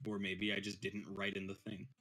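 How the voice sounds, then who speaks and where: A man's voice: on the low side, completely flat delivery, moderate pace, pushed and bright, faint music behind, rough recording. A man acting as game master in an online tabletop session, joking and laughing often. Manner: laughs often, plays a whining rich victim.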